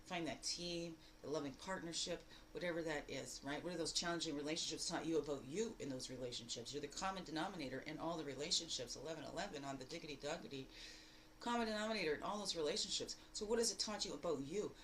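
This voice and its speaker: A woman giving a daily spiritual card reading in a lively, exclamatory way, full of rhetorical questions and repeated phrases. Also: fast talker, slight background noise, poor audio. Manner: animated, jumping between loud bursts and low asides. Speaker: spiritual guide.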